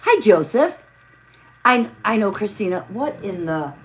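A woman's voice: mid-range voice, very animated, unhurried, a little hiss or hum. A tired woman hosting a live stream, chatting casually while she crafts and greeting viewers by name with pet names.

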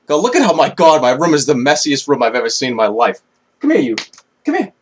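A man's voice: medium pitch, big pitch swings, fairly quick, a bit bright, slightly rough. A man making a casual vlog in his room, upbeat and calling to his dog in a raised voice. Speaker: vlogger.

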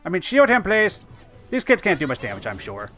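A gamer giving excitable, sweary commentary over their own gameplay. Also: medium pitch, fairly quick, soft background music. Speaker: let's play gamer.

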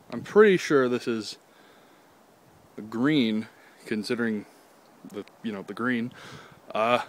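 This is a casual walking vlog shot on a handheld phone by a young Canadian man strolling past a golf course pond. He rambles and jokes, swearing offhandedly, in a mid-range voice. There's a slight hiss or hum.

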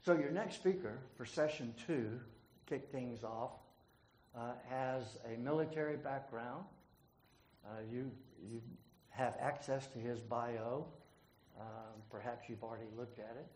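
A man hosts a leadership forum, telling a joke at an easy storytelling pace and then introducing the next speaker. He fills pauses with uh and clears his throat now and then. His voice sits at an average pitch and carries a noticeable room echo. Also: darkish tone. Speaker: forum moderator. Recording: echoey room with faint noise.

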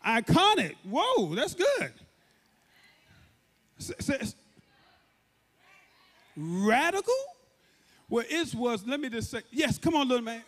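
A man's voice: very high-pitched, big pitch swings, takes it slowly, pauses often, fairly bright tone. A man hosting a church service, energetically leading the congregation in call-and-response and repeating prompts. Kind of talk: call-and-response crowd hype. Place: large church sanctuary. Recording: reverberant hall with faint music.

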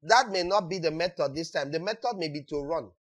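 A man preaching a sermon as pastor, acting out quotes and breaking into sudden shouts. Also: fairly high pitch, a little fast.

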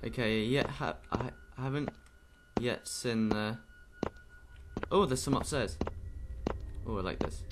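A man's voice: medium pitch, a little slow, pauses often. A young man playing a horror game with a friend, jumpy and shrieking when startled. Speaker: gaming channel host. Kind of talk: scared let's play commentary. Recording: loud background noise.

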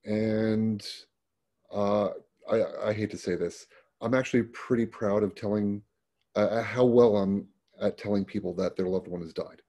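A man's voice: on the low side, fairly even intonation, unhurried, dark tone. A middle-aged man working as a paramedic, telling stories from his work in a plain-spoken, conversational way with frequent restarts. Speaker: paramedic guest. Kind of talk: conversational storytelling.

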